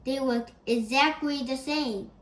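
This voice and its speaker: A woman reading a children's chapter book aloud in an expressive, gentle storytelling manner. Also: sits high, unhurried. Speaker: storybook reader. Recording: echoey room.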